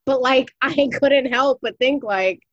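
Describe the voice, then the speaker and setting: A woman chatting casually as a podcast co-host, playful and slangy and quick to laugh. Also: sits high, a bit bright, highs cut off, slight background noise. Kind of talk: casual chat.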